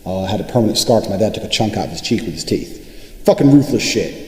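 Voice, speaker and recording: A man's voice: on the low side, lively intonation, fast, a little mellow. A man delivering an unscripted monologue to camera, boastful and profane, with a swaggering manner. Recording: echoey room with long reverb.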